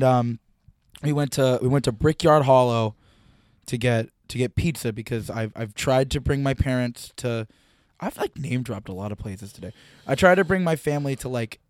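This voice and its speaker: A young man hosting a podcast, telling crude, animated stories in casual chat. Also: mid-range voice, moderate pace, no echo, clean studio sound. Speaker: podcast host.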